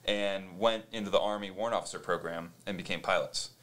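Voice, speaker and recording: With a low voice and a slightly fast delivery, a podcast host tells a story in casual chat. He's animated, acts out other people's voices, and swears freely.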